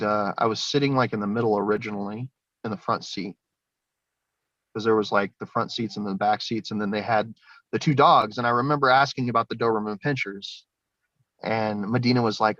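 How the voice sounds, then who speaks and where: A male guest with a fairly low, slightly bright voice tells his story in casual, rambling testimony, swearing often and laughing between lines. The recording is dry, with no room sound and a dull lo-fi quality.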